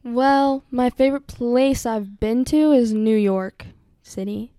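A woman's voice: on the high side, takes it slowly, warm tone, smooth, dry recording, clean studio sound. A young woman guesting on a casual family podcast. She is bubbly and laughs through her answers. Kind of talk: casual chat.

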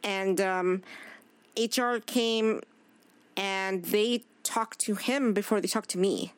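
A woman talks frankly and swears often while she recounts conversations. Her voice sits at a middle pitch. The recording is dry and close, with almost no room echo. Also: slow, smooth. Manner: candid, swears freely, retells dialogue. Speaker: podcast guest; chef. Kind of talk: casual chat.

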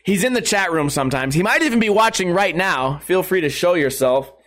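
Streamer man with a high voice, casual and profane, laughing his way through a rambling story. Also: lively intonation, a little fast, a bit bright. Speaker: live streamer. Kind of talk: casual storytelling to a live chat.

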